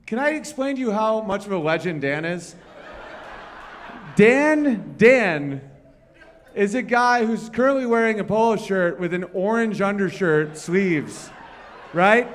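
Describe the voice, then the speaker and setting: A man doing loud, profane crowd work at a piano, teasing someone in a bar. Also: sits high, lively intonation, measured pace, slight background noise. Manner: loud, brash and profane, teasing an audience member. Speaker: comedian at the piano. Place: bar or club room. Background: faint piano.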